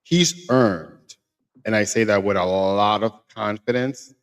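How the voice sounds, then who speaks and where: A man with a fairly low voice tells a personal story on a podcast. He is animated and emphatic, and he repeats phrases to drive his point home. The talk is casual and conversational. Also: takes it slowly. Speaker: podcast co-host.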